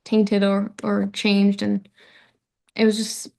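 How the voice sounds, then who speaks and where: A young Australian woman chats about her work as an interview guest. She rambles a little, stacking fillers and restarting sentences. Her voice sits at an ordinary middle pitch. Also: monotone, takes it slowly, gravelly, dark tone. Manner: chatty, many fillers and restarts. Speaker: actress guest. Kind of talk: casual interview chat.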